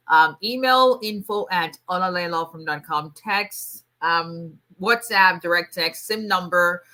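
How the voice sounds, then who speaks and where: Bright-voiced woman attorney chatting live. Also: on the low side. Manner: chatty, laughs often, frequent restarts. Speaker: immigration attorney hosting a livestream. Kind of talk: casual livestream chat.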